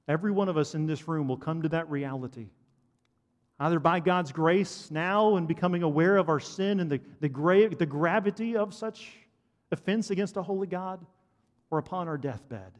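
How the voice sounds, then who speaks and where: A man preaching a sermon to a congregation, animated and asking the listeners questions. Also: a little high. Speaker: pastor. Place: church hall. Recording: long hall reverb.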